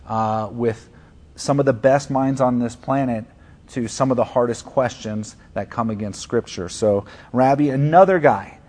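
A man's voice: medium pitch, measured pace, a little mellow. A male pastor preaching from the pulpit in a church. He speaks earnestly but casually, with frequent fillers and restarts as he talks to the congregation. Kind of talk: sermon.

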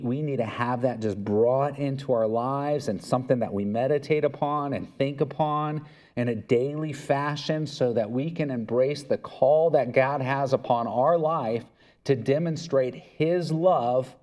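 A man's voice: mid-range voice, measured pace, a little mellow. A pastor preaching a sermon in an earnest, conversational way, acting out little dialogues and chuckling as he goes.

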